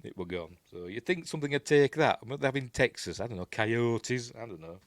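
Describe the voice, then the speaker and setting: A man's voice: medium pitch, lively intonation, brisk, no room sound. A man with a Yorkshire accent, casually recapping a film as a reviewer, rambling and chatty with lots of ums and asides. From Yorkshire, England.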